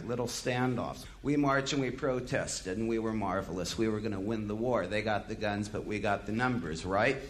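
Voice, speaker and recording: Male storyteller, mid-range voice; bitter, profane, impassioned first-person monologue. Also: mid-range voice.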